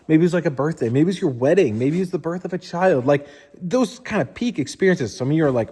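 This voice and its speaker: A man's voice: a little high, lively intonation, brisk, warm tone, slightly rough, in a large hall. A man in a casual motivational storytelling style, candid and informal, who swears often and says "like" a lot. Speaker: motivational speaker.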